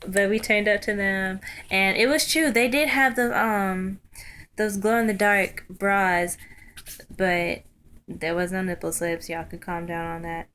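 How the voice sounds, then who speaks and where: Young woman vlogging, bright voice, chatty and excited, lots of ums and likes, faint hiss behind. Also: mid-range voice, unhurried. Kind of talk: casual storytelling vlog.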